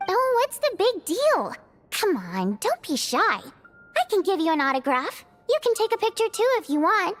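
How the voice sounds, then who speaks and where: Playful female stage star, teasing, very high voice, lively swings, music under it. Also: moderate pace. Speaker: stage performer character.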